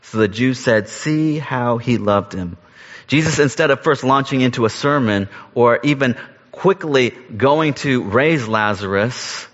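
Male pastor, earnest sermon delivery, muffled recording in a big reverberant room. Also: mid-range voice. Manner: earnest, rises to emphasis then drops soft.

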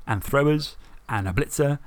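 A man on a podcast, telling the story of a tabletop game match in a lively way, swearing and acting out his own thoughts. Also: mid-range voice, normal speed, no room sound. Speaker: podcast co-host. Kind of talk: casual tabletop game recap.

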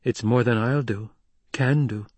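A man voicing a proud, anxious young desert widow in a storybook reading, pitched above his own voice. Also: steady tone, a little slow, darkish tone, husky, dry recording. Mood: wary.

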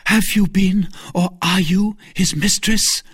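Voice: medium pitch, expressive, unhurried, husky, no echo, studio quality, pitched above the performer's own voice. A reader voicing an earnest young novice nun in a storybook reading, with a raised, eager character voice. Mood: jealous.

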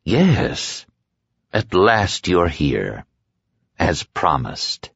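A man voicing a sinister, mocking dark man who speaks slowly in a low, menacing hush, in an audiobook. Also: very animated, gravelly, husky, no room sound, dull audio, heavily acted. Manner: slow, hushed, menacing.

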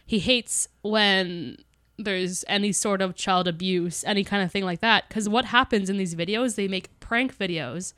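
A woman's voice: mid-range voice, a little slow, fairly bright tone, no echo. A young woman co-hosting a podcast in casual chat, explaining a story at length with many fillers. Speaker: podcast co-host.

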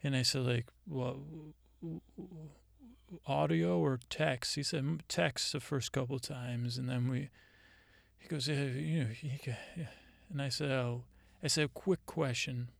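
A man hosting a comedy podcast, retelling a conversation in a rambling, deadpan way with many halting restarts. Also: medium pitch, vocal fry, dry recording, studio quality.

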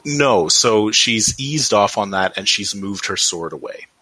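A man's voice: lowish voice, animated, measured pace, bright, forceful tone, slightly rough, no room sound. A man narrating as game master of a tabletop game, hesitant and full of fillers.

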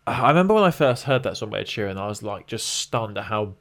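A young man chatting on a podcast. He rambles and jokes freely, and his pitch swings widely as he talks. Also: fast. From United Kingdom. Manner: animated, jokey, rambling. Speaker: podcast co-host. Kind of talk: casual chat.

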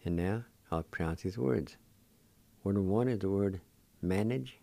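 A man's voice: low voice, measured pace, vocal fry, dark tone, dry recording. A man hosting a radio language lesson, patiently spelling words out syllable by syllable and encouraging his listeners to practice. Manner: encouraging toward learners. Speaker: radio host teaching Cherokee words.

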